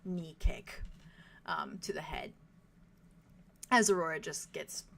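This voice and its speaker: A woman's voice: sits low, lively intonation, slow, creaky, fairly bright tone. A young woman narrating a tabletop game as game master, descriptive and full of fillers. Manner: descriptive, many fillers like "like" and "kind of".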